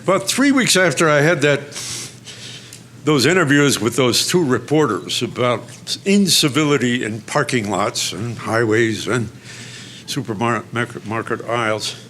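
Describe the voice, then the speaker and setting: A man's voice: medium pitch, lively intonation, unhurried, fairly bright tone, a little hiss or hum. A man giving a lecture. He tells personal stories in a chatty, self-mocking way, with asides and restarts. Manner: self-mocking storyteller, draws laughs. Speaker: guest lecturer. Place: lecture hall.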